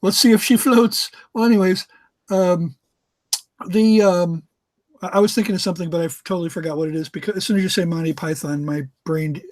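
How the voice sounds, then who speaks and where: Talk-radio co-host, man with a high voice, playful and chatty, dry studio mic. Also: fairly even intonation, fairly quick, a little mellow, dry recording. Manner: jokey, laughs easily, asks rambling questions. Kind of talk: casual radio discussion.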